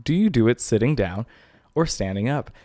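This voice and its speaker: A young man hosting a podcast, talking casually in animated, incredulous, jokey rants to his listeners. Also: medium pitch, normal speed, no echo, clean studio sound. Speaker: podcast host.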